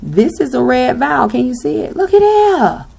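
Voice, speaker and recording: A woman's voice: sits high, very animated, moderate pace, gravelly, dark tone, husky. A young woman with a Southern US accent giving a blunt, sassy tarot reading and swearing freely. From Southern United States. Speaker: tarot reader.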